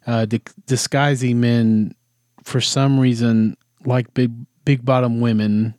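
Rambling young man with a mellow voice. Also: medium pitch, flat delivery, slow, no room sound, studio quality. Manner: rambling, many fillers and restarts. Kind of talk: casual chat recapping a movie.

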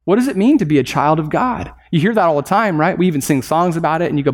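A man preaching a sermon in an earnest, emphatic way, slowing down to stress key words. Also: a little high, long reverb tail.

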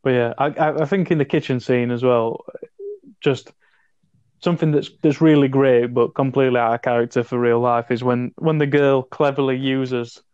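An animated man in a casual film discussion, pushing his points hard. The sound is dull and lo-fi, with no room echo at all. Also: mid-range voice, normal speed, clear, resonant tone. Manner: animated, argues emphatically. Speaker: podcast co-host.

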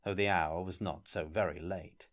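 Male audiobook narrator, lowish voice, measured and even delivery.

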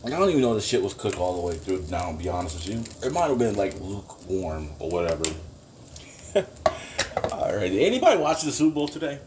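A man's voice: on the low side, sing-song, quick pace, noisy background. A man hosting a casual solo podcast from his kitchen, rambling and swearing, breaking into bursts of laughing outrage. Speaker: podcast host. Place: home kitchen.

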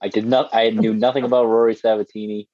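A man's voice: lowish voice, flat delivery, quick pace. A man co-hosting a casual podcast, joking in a self-deprecating way. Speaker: podcast co-host. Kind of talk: casual chat. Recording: dull lo-fi mic.

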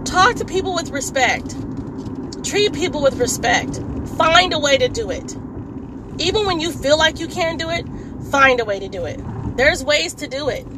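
A woman with a high-pitched, expressive voice hosts her own podcast from a car, road noise rumbling behind her. Speaking at a normal speed, she vents bluntly in a candid, rambling monologue, repeating herself emphatically to drive points home.

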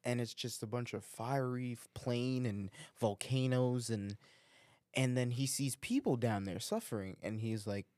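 A man's voice: medium pitch, measured pace, a little mellow, no echo, clean studio sound. A man co-hosting a casual podcast, telling jokes, laughing often and swearing. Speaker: podcast co-host.

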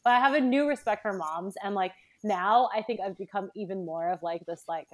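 Speaking fairly quickly in a mid-range voice, a young pregnant woman chats on a podcast as a guest. She sounds tired and somewhat breathless, laughing often and using plenty of fillers.

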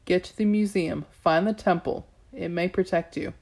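A woman's voice: on the low side, steady tone, moderate pace, darkish tone. A woman voicing a fierce, tired cat goddess warrior who gives urgent commands in an audiobook reading. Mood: grim.

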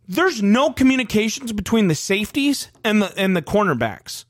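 Podcast co-host, male, lively swinging pitch, dry close sound, heated profane ranting. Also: moderate pace, no echo. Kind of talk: casual sports podcast chat.

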